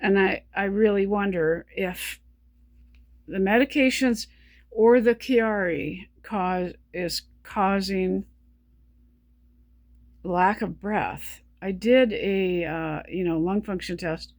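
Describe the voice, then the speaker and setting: A woman speaking in a personal video diary, short of breath while talking, halting and stumbling with many restarts, weary and subdued. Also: mid-range voice, a little mellow, dry recording, studio quality. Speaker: vlogger.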